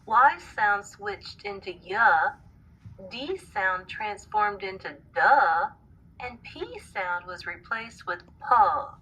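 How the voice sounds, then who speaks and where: A woman teacher reading a storybook aloud to a class, with expressive, clear storytelling. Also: medium pitch, takes it slowly, few pauses, slight background noise, poor audio.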